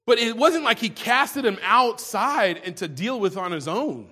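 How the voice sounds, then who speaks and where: A male pastor delivers a sermon in a fairly high, husky voice. He talks in a loose, conversational way, circling back and repeating words as he works through his thoughts. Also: animated, unhurried, few pauses, bright, forceful tone. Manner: conversational preaching, frequent restarts and repeated words.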